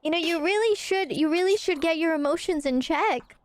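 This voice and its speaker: A woman's voice: very high voice, brisk, no room sound. A young woman hosting a game stream in casual chat, teasing and giggly, often restarting her sentences. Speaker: streamer host.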